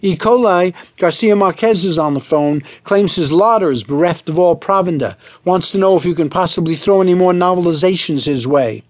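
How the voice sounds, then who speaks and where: A man reading a humorous audiobook and voicing a female secretary who announces things in a high, trilling sing-song. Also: normal speed, hardly any pauses, darkish tone, lightly acted. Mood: announcing.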